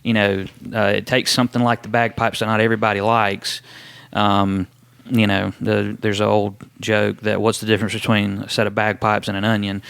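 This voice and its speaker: A man, a wrestler telling his story in a casual interview, relaxed and rambling with many ums and restarts. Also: fairly low pitch, normal speed, creaky, clean tone, dry recording. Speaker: wrestler guest.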